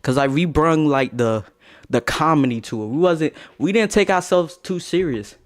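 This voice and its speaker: A young man streaming a casual storytime, slangy and animated, laughing as he tells it. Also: a little high, moderate pace.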